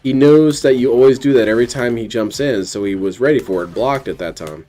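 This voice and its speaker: A man's voice: mid-range voice, a little fast, mellow. A man hosting a stream, making mocking, dry jabs while commenting over someone else's gameplay. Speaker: host commenting on a replayed stream. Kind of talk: sarcastic live commentary.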